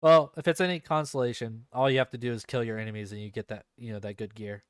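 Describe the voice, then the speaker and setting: Smooth-voiced man hosting a casual gaming podcast. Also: mid-range voice, fairly even intonation, fast talker, no echo, clean studio sound. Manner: rambling, heavy use of fillers and swearing. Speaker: podcast host.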